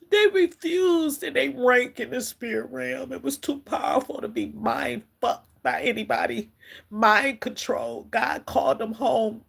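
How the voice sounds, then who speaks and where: A middle-aged woman gives an emotional, halting spiritual message on a livestream, often calling her viewers "collective.". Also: high voice, vocal fry, a bit bright, slightly rough. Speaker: spiritual reader.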